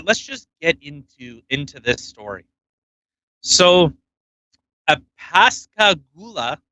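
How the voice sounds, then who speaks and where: A man's voice: a little high, pushed and bright, dry recording. A man hosting a podcast in casual chat, full of provocative jokes and banter. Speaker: podcast host.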